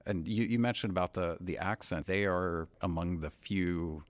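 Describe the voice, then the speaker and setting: A man from Pennsylvania, a podcast guest, chiming in with film trivia and quick jokes during a casual chat. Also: deep voice, no room sound. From Pennsylvania, USA. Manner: adds facts and quips, laughs often.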